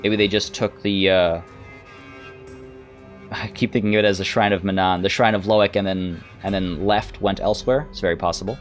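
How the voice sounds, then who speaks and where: A man's voice: deep voice, fairly even intonation, moderate pace, faint music behind. A man narrating his own strategy game, thinking aloud in a hesitant, musing way. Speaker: let's play host. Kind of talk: gameplay commentary.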